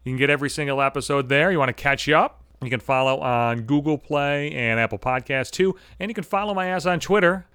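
A man's voice: fairly high pitch, a little fast, hardly any pauses, fairly bright tone, clear, resonant tone, no room sound, clean studio sound. A man in his thirties hosting a solo podcast, telling a story in a brash, profane, sardonic rant. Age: 30s. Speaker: podcast host.

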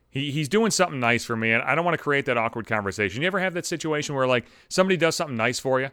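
Very fast with few pauses, a young comedic monologue host rants in exasperation, swearing constantly, in an expressive medium-pitched voice that is pushed and bright yet clear and resonant. He uses a studio microphone in a home room, yielding studio-quality sound with no room noise.

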